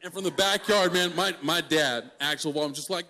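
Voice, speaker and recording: A man's voice: fairly high pitch, normal speed, noisy background. Joking young man preaching to youth. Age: 20s. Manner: animated and joking, laughs mid-story. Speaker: guest youth speaker. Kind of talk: storytelling youth sermon.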